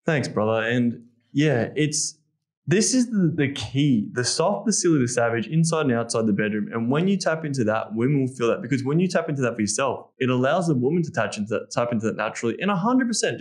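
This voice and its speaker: A man's voice: medium pitch, lively intonation, fast talker. A man in casual podcast talk as a dating coach, blunt and profane, acting out his own lines.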